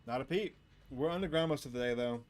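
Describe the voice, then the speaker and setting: A man reading a gruff male miner who gives curt, dismissive answers. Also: medium pitch, fast, close to an everyday voice.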